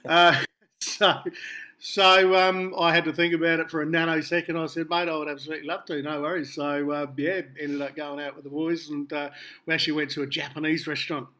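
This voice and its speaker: A man's voice: fairly high pitch, level tone, moderate pace, sharp tone. An Australian man being interviewed, telling rambling anecdotes with a laugh. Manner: rambling, laughing storyteller with many fillers. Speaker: musician guest.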